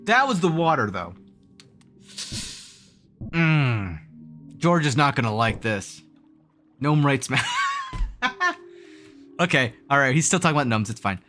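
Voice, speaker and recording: A man's voice: medium pitch, very animated, unhurried, long pauses, sharp tone, soft background music. A young man chatting casually on a gaming livestream, self-mocking and laughing often as he reads chat aloud. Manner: counts jump timing aloud in a rhythmic sing-song. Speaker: streamer.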